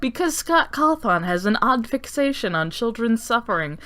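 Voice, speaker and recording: A woman's voice: on the high side, sing-song, moderate pace, fairly bright tone. A young woman recapping a story timeline in a sarcastic, rambling way with lots of swearing. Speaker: lore recap narrator. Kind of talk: comedic lore recap.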